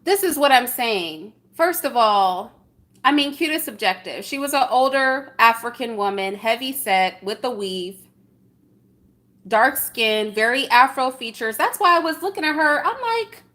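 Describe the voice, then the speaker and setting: A middle-aged woman from San Francisco telling a story in casual livestream chat, indignant and animated, firing off rhetorical questions. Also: high voice, a little slow. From San Francisco, USA. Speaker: vlogger reacting to chat.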